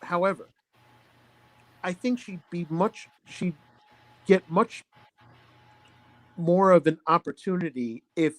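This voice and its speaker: A man co-hosting a casual wrestling podcast. His voice is high, and he argues his opinion while softening it with small hedges. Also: slow, pauses often, no room sound. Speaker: podcast co-host.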